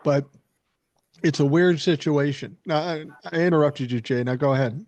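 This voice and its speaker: An older man hosts a podcast in casual chat, speaking at a somewhat high pitch. He explains things at length and gives firm opinions, and his voice sounds dry, with no room around it. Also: moderate pace, a little mellow, dry recording, lo-fi sound. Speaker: podcast host.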